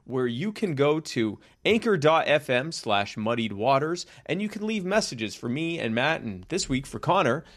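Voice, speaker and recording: Man, podcast host, middle pitch, earnest, stacks up repeated words. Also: big pitch swings, moderate pace, hardly any pauses, fairly bright tone. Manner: earnest, repeats words while building a point. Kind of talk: casual podcast discussion.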